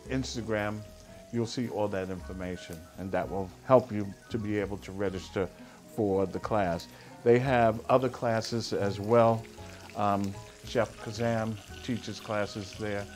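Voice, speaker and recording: A middle-aged man hosting a cooking show, talking casually and playfully, humming and chuckling as he cooks. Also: lowish voice. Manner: chatty and playful, hums and chuckles while cooking.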